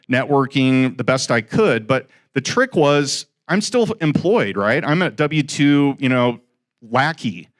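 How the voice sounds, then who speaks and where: A middle-aged man telling a story to a live audience about his first real estate deal, acting out the dialogue as he goes. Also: mid-range voice. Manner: animated, acts out quoted dialogue.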